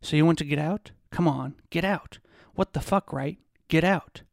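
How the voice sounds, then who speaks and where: A controlling man taunts and bullies in an even, calm voice, as a male reader voices him. The voice is gravelly with heavy fry and sits a little high, recorded dry and close. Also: normal speed, dry recording. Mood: menacing. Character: menacing, controlling abusive man, cold and taunting.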